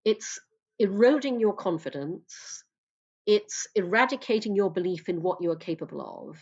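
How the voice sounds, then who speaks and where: A woman's voice: mid-range voice, expressive, normal speed, darkish tone, husky, lo-fi sound. A woman speaking as a guest coach in a casual interview, blunt and emphatic, swearing freely.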